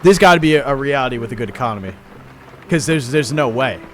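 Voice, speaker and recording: Lively, excitable male streamer. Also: mid-range voice, fast talker, soft background music. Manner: excitable, jokey, coos in baby talk. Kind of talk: live gaming commentary.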